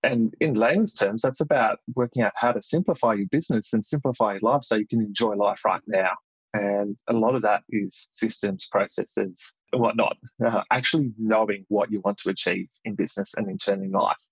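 A man's voice: lowish voice, brisk, slightly rough, no echo, highs cut off. A man from Melbourne with an Australian accent, speaking as a guest on a podcast in an earnest, direct way. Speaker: guest, business consultant. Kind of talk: casual interview chat.

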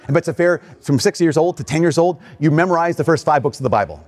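A man's voice, a touch higher than most, preaching in church. He reads scripture deliberately and then shifts into an easygoing, conversational homily full of fillers and asides. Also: expressive, a little mellow. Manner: reads scripture slowly, then talks casually with fillers and laughs. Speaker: priest. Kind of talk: gospel reading and homily.

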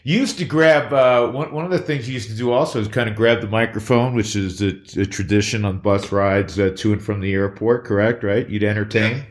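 A man's voice: fairly low pitch, brisk, hardly any pauses. A male sports radio host interviewing a guest in a conversational way, leading into his questions.

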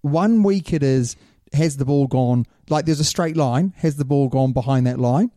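Dark-voiced guy ranting about rugby, casual chat, dry sound. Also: mid-range voice, moderate pace, no room sound. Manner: animated, opinionated, says "mate". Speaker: rugby podcast host.

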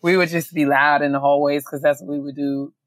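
A woman co-hosting a casual chat podcast, telling animated stories and laughing often. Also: deep voice, brisk, no room sound. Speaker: podcast co-host.

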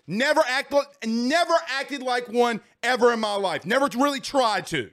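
A man's voice: very high voice, very animated, normal speed, few pauses, a bit bright. A man, ranting about sports straight at his audience in a heated, repetitive way. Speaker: sports talk host. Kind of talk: casual ranting commentary.

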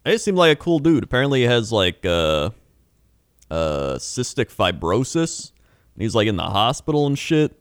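Rambling young man, lively casual chat. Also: medium pitch, normal speed, clean tone, no room sound, studio quality. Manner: rambling storyteller, lots of fillers and swearing. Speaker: podcast co-host.

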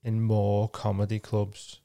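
A man's voice: on the low side, completely flat delivery, slow, warm tone. A man co-hosting a podcast, a comedian in casual chat, self-deprecating and rambling with lots of fillers.

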